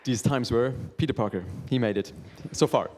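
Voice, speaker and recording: Male host of a reading event, halting and filler-heavy, loud on the mic. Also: mid-range voice, slight background noise. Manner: hesitant, with many fillers. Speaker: event moderator. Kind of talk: moderating a literary reading.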